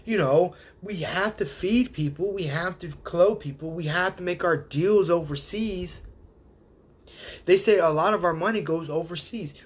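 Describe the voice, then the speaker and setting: Male host, casual monologue rant, slightly high voice, animated. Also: a little slow, slightly rough. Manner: animated, quotes others in put-on voices.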